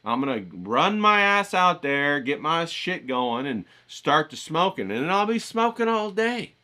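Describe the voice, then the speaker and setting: A man's voice: on the high side, very animated, a little slow, pushed and bright. A man giving a casual motivational pep talk to his viewers, hyped and coaxing, with slangy repeated phrases. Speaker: motivational vlogger.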